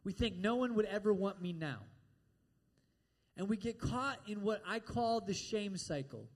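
Preaching in church, this man speaks in a voice far higher than most men's, with lively intonation. His style with the congregation is direct and conversational, punctuated by quick check-ins such as "all right?".

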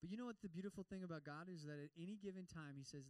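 A man's voice: high-pitched, rapid-fire, few pauses, darkish tone, smooth, no echo, low-quality recording. A young man preaching a conversational sermon, acting out quoted voices of God and listeners. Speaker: campus ministry preacher.

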